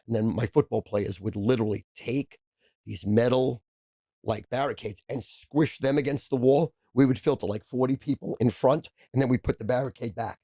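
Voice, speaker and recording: A man's voice: mid-range voice, dark tone, no echo. A man, a podcast guest telling profane, brash stories in casual chat. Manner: brash, profane, rapid storyteller.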